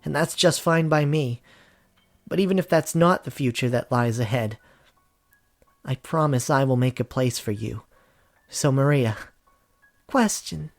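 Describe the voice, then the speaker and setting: A man's voice: medium pitch, a little slow, gravelly, long pauses. A man voicing an earnest young man, heir to a crime family, recalling childhood in a visual novel reading. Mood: pleading. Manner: earnest storytelling.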